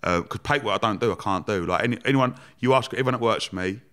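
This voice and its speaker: A man telling stories as a podcast guest, animated, laughing often and swearing freely. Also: fairly low pitch, racing. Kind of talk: casual storytelling chat.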